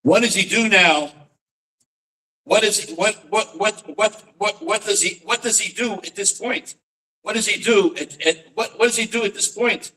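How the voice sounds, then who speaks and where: A man gives a dramatic storytelling lecture, his voice high and bright as he circles back over his own words. He is picked up from a distance, so his voice carries a faint sense of the room. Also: a little slow. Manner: dramatic storytelling with repeated restarts and Yiddish phrases. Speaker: rabbi and author.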